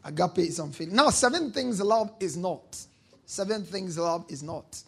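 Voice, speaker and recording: A pastor preaches at normal speed in a high, gravelly, raspy voice with lively intonation. He emphatically hammers key lines over and over, asks the congregation to repeat them in call-and-response, and rises to shouts as he drives points home.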